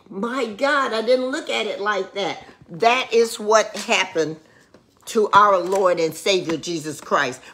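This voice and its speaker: A woman's voice: on the low side, a bit bright. A middle-aged woman co-pastor teaching a livestreamed Bible lesson, preaching emphatically and rising to exclamations. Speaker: co-pastor teaching Sunday school.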